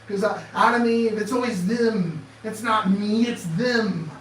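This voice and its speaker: A man giving an animated motivational talk, firing off sarcastic rhetorical questions in a presentation room. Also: high voice, moderate pace, a little hiss or hum. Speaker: speaker. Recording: echoey room, distant mic, faint ambience.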